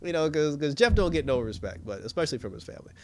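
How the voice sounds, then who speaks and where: A man giving a casual, slangy recap of a TV episode, telling it in an animated way and laughing often. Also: medium pitch, fast. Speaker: TV episode reviewer.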